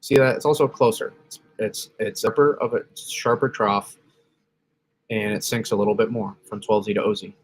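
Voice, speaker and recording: There's slight background noise as a man with a lowish voice talks at normal speed with fairly even intonation. Hosting a casual weather stream, he rambles through model maps, frequently corrects himself, and reacts to chat.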